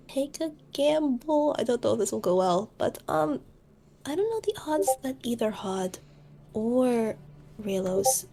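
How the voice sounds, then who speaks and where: Brief: female player, heavy vocal fry, tentative and musing. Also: a little high, dark tone. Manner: thinking aloud, tentative. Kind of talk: tabletop game chat.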